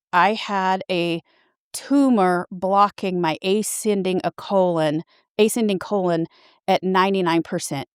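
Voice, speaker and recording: Earnest, halting woman in her fifties. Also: on the low side, clear, resonant tone, no echo, clean studio sound. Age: 50s. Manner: earnest, halting, with frequent restarts. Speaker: podcast guest sharing her story. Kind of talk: personal storytelling.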